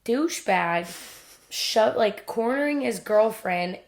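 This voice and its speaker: A young woman co-hosting a podcast, telling a story in casual chat, acting out quotes loudly and swearing freely. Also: on the high side, animated, slow. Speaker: podcast co-host.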